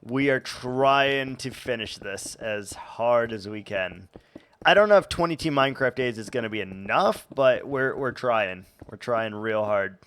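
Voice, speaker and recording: A man's voice: mid-range voice, unhurried, a bit bright, clear, resonant tone. A young man streaming a game, chatting casually and rambling with stumbles and restarts. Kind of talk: casual gameplay chat.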